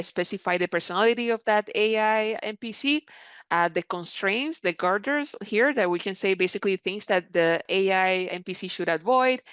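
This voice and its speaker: A woman hosts a live software tutorial in a conversational, encouraging tone, reading out viewer comments as she goes. Her voice is smooth and clean, recorded dry with slightly dull, lo-fi sound. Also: mid-range voice, no echo. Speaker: creator program mentor presenting a live session. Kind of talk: live software tutorial, answering chat questions.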